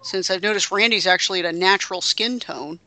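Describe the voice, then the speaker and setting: Bright-voiced woman in wry chatter. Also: mid-range voice, a little fast, dry recording. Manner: chatty, many restarts, wry and indignant. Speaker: podcast co-host. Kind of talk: casual chat about pro wrestling.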